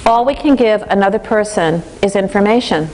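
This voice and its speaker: A woman instructor giving a lively, conversational lecture in a classroom, speaking straight to the class. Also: medium pitch, moderate pace, slight background noise, poor audio.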